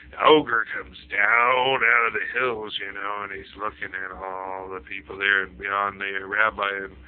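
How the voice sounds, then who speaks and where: A man telling a long rambling joke, filling his talk with "you know". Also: fairly low pitch. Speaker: storyteller. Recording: phone-like lo-fi audio.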